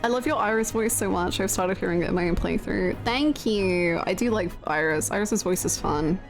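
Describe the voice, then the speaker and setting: A young British woman hosting a casual game stream, reading viewer comments in giggly, bashful, animated bursts. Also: medium pitch, moderate pace, music in the background. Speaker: livestream host.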